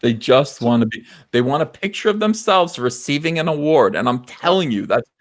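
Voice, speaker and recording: A man hosting a live stream, ranting loudly and passionately and mocking others in put-on voices. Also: on the high side, animated, a little fast. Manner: loud, impassioned, mocking impressions. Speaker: livestream host. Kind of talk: heated livestream rant.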